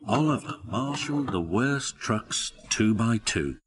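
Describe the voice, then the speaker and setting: Lively male storybook narrator. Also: lowish voice, a little slow, a little hiss or hum.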